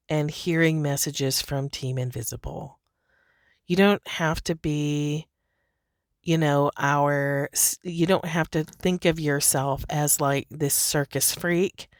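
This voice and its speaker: A woman with a low voice hosts a podcast in a loose, chatty monologue. She laughs easily and peppers her talk with "you know" and "like". The recording is dry and close, with no room sound. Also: no room sound. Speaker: podcast host.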